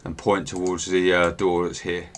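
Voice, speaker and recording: A man narrating as game master in a tabletop game, relaxed and hesitant, with many fillers. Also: deep voice, normal speed, a little hiss or hum.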